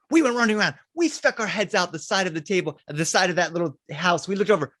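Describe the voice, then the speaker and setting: Animated male storyteller. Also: on the high side, fast, hardly any pauses, dry recording, clean studio sound. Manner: animated, with big swings between loud cries and hushed lines. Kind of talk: spooky storytelling for children.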